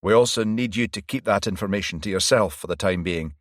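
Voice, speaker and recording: A man reading a steady police detective in a low, calm voice that stays close to his own. The sound is dry and close-miked. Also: a little fast, dry recording, natural voice.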